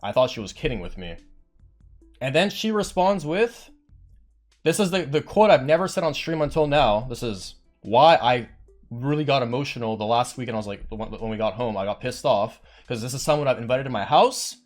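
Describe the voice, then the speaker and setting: A man's voice: medium pitch, lively intonation, normal speed, faint music behind. A man streamer telling a heated, rambling story on his stream, swearing often.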